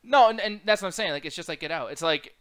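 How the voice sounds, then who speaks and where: A man co-hosting a casual movie chat, ranting with lots of profanity and animated complaints. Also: high-pitched, fast. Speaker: podcast co-host.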